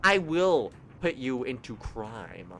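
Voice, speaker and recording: A man voicing a cold, domineering young woman who claims to know everything, speaking low and clipped. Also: big pitch swings, slow, fairly bright tone, a little hiss or hum, exaggerated voice.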